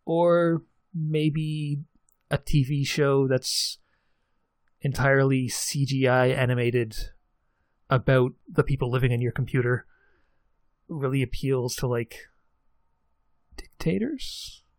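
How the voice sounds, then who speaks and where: A man's voice: mid-range voice, fairly even intonation, takes it slowly, pauses often, no room sound. Rambling self-mocking man, dry sound. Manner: rambling, self-deprecating, chuckles often. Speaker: podcast co-host. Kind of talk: casual podcast chat.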